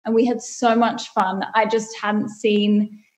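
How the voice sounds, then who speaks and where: A young adult actress, appearing as a guest, chats thoughtfully in a casual interview, using many fillers. Her voice is medium in pitch and darkish in tone, with little pitch movement and a slow pace, and the recording has a roomy echo.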